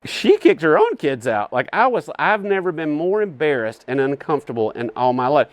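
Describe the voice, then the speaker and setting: Southern man telling lively stories. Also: a little high, brisk, no room sound. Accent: Southern US (Alabama). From Alabama. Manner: animated storyteller, laughs often. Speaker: guest. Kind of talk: casual storytelling chat. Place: front porch.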